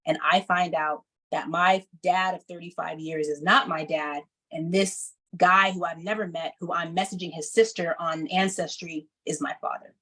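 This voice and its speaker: A woman in her thirties telling a personal story to an audience, acting out the people she quotes with lively emphasis. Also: on the low side, moderate pace, hardly any pauses, poor audio. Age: 30s. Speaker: speaker.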